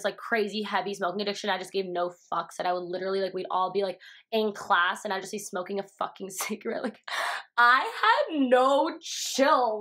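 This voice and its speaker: A young woman telling a story in a casual, profane way, full of fillers and animated quotes. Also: mid-range voice. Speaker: vlogger.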